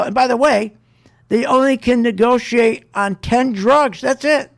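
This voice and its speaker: A man with a strikingly high voice and a gravelly, fry-laden edge holds forth as a radio host. He rants in quick, indignant bursts and mocks the people he talks about with sarcastic asides. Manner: indignant, rapid, mocking with sarcastic quoted asides. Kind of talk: political rant on a talk radio show.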